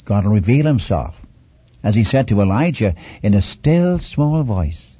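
A man preaches an earnest, pleading sermon, dramatically retelling scripture, rising on big images and repeating his key points. His voice is fairly low, dark and breathy, very animated yet a little slow. The dull lo-fi recording has no room sound.

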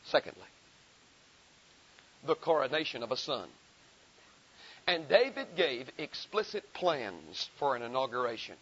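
A man preaching a sermon, building emphasis through repeated phrases and reading scripture slowly and deliberately. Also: medium pitch, big pitch swings, a bit bright, slightly rough. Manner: rhetorical repetition, emphatic rising delivery. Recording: dull lo-fi sermon recording.

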